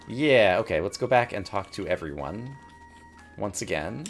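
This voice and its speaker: A man's voice: on the low side, lively intonation, moderate pace, soft background music. A man hosting a let's play, reading the game's dialogue aloud and adding wry comments. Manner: reads game text aloud and comments wryly.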